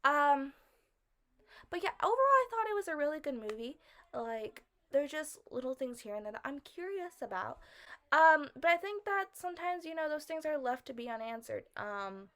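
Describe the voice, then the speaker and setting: A woman's voice: high-pitched, very animated, normal speed, a bit bright. A woman giving a casual, rambling film review, filling almost every phrase with "like" and asking questions about the plot. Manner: rambling, fills with "like" constantly; puzzled, questioning.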